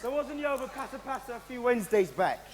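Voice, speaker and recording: Male actor, Jamaican smooth-talker, sing-song high delivery, roomy noisy stage sound. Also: sing-song, fast talker. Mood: flirty. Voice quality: smooth, flirtatious. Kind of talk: live stage comedy.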